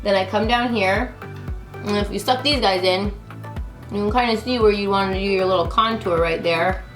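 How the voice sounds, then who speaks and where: A woman's voice: mid-range voice, normal speed, echoey room, over music. A woman in her thirties chatting through a makeup tutorial, bubbly and talking straight to her viewers. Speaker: beauty vlogger.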